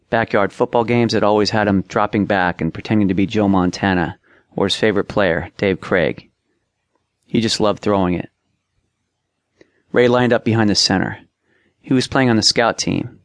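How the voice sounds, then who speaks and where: A man narrating an audiobook, reading plainly and raising his voice for shouted lines. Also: fairly low pitch, dry recording, studio quality. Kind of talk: scripted narration.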